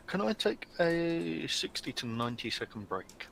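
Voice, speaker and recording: A man speaking plainly on a group call, matter-of-fact. His voice is gravelly but bright-edged, with faint noise around. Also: fairly high pitch, big pitch swings, moderate pace. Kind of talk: casual chat.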